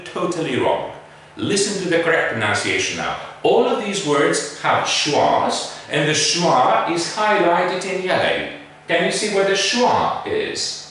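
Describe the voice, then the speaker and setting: Slow, emphatic male pronunciation teacher. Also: sits high, a bit bright, far from the mic, slight background noise. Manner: slow, emphatic, models words carefully. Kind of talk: English pronunciation lesson. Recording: echoey room, voice off-mic.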